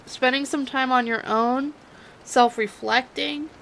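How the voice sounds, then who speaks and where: A young woman gives a chatty, self-mocking tarot reading in a high-pitched, slightly bright voice with fairly even intonation, speaking slowly. Her Californian accent slips into a southern drawl, and the rough recording has a little hiss or hum.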